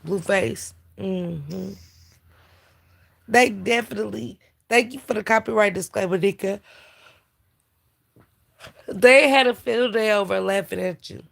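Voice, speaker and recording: Slow, gravelly-voiced tired woman streamer. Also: medium pitch, fairly bright tone. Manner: chatty, greets viewers in chat. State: tired, yawning. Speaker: livestream commentator. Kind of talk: casual live-stream gossip commentary.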